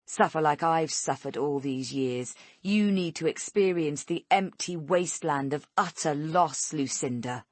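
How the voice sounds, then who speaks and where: A bitter, quietly menacing woman kidnapper, put on by a female narrator, her voice dropped low and slow. She threatens in a soft, dry tone with no room around it. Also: no room sound.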